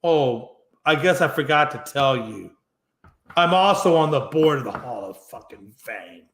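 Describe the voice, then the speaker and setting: A man's voice: mid-range voice, expressive, a little slow, a bit bright, echoey room. A man hosting a sports talk show, ranting with heavy swearing and mocking impressions. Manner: profane, mocking, acts out quotes in exaggerated voices. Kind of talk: heated sports talk rant.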